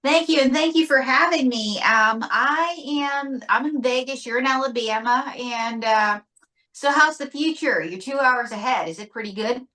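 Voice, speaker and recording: A woman's voice: on the high side, normal speed, sharp tone, poor audio. Chatty woman with a Pittsburgh accent. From near Pittsburgh. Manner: chatty, self-mocking. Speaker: ventriloquist and singer. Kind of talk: casual interview storytelling.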